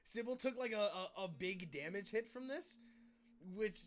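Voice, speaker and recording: A player in casual chat about a tabletop game, lively and profane, laughing often. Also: medium pitch, moderate pace.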